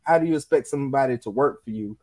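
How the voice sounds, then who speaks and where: A young man talking on a casual podcast in an ordinary mid-range voice. He swears freely and tells animated stories, slipping into the voices of the people he quotes. The talk is loose and conversational. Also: medium pitch, quick pace, background noise. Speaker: podcast co-host.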